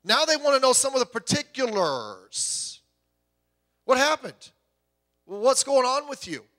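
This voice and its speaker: A pastor in his fifties with a bright, high-pitched voice preaches a sermon at a measured pace in a big hall with long reverb. He tells stories animatedly, acting out the voices of the people in them, and swings from a hush back up to loud.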